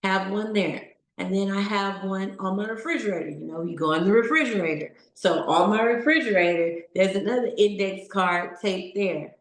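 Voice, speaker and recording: A woman's voice: medium pitch, normal speed, reverberant. A woman giving a conversational motivational talk to a live audience, encouraging and full of questions. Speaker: motivational speaker.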